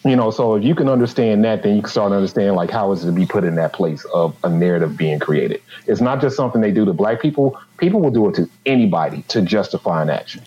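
Low, mellow man with a husky voice. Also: animated, fast, hardly any pauses, muffled recording. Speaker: comedian guest. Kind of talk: casual panel discussion.

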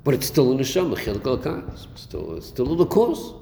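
A man's voice: medium pitch, very animated, brisk, gravelly, warm tone. A man giving a classroom lecture on a Chassidic text, asking rhetorical questions and mixing Hebrew terms into his English. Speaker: Torah teacher. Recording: echoey hall recording with faint noise.

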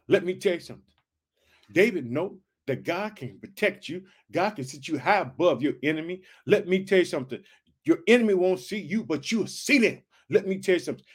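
A man preaching an energetic sermon on scripture, with a fervent, repetitive call-and-response delivery. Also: high-pitched, husky.

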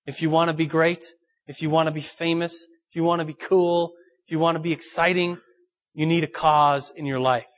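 A young man, a pastor, giving a lively, joking sermon and talking straight to his audience. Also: on the high side, fairly quick. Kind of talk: youth sermon.

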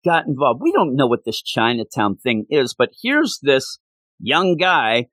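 A man recapping a story in a casual, animated way, chatty and full of asides. His voice sits in a middle pitch, and the sound is dry with no room echo. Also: a little slow. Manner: animated and chatty, with many fillers.

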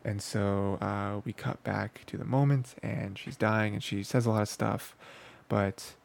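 A man's voice: lowish voice, steady tone, a little slow, creaky. A man hosting an anime review show, talking casually with lots of fillers and restarts. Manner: rambling, filler-heavy, frequent restarts.

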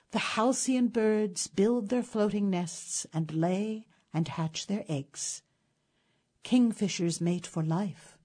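Give me a woman narrating a literary story, very slow and measured, with a mid-range voice. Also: mid-range voice, warm tone.

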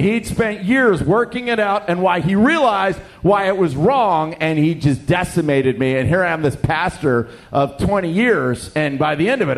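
A middle-aged man from Canada, a pastor telling a funny story in a sermon and acting out the voices of the people in it. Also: sits high. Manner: animated, jokey, acts out dialogue.

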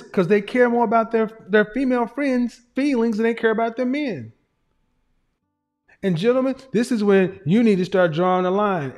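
A man's voice: extremely high pitch, darkish tone. A man giving casual livestream commentary in a blunt, emphatic, profane lecturing manner. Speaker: streamer and commentator.

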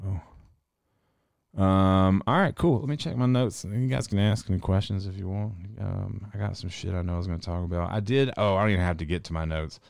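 A man's voice: deep voice, moderate pace, creaky, a little mellow, no room sound, studio quality. A young man hosting a casual podcast, telling rambling stories full of swearing in a laid-back way. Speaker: podcast host. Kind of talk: casual livestream podcast monologue.

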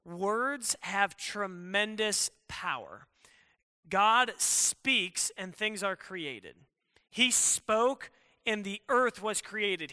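A young man preaching a sermon to a youth group in a conversational way, with quick asides to the room. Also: high voice, bright, forceful tone. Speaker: youth pastor. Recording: long hall reverb.

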